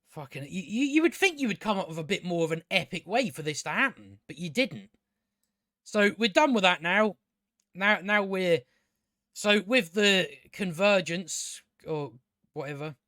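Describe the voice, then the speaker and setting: Guy ranting thru a tv review, kinda high voice, swears a lot, dry close sound. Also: fairly bright tone, dry recording. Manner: rambling, exasperated and profane. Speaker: TV show reviewer. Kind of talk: casual spoken review commentary.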